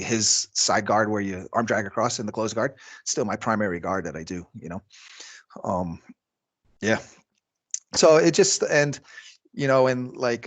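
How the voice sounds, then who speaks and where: A man who coaches jiu-jitsu, chatting casually on a podcast, rambling with lots of fillers and frequent laughs. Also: fairly low pitch.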